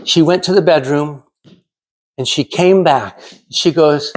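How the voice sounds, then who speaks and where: A man in his sixties from California giving a prepared storytelling speech in a measured, dramatic way with pauses. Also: a little high. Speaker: club speaker.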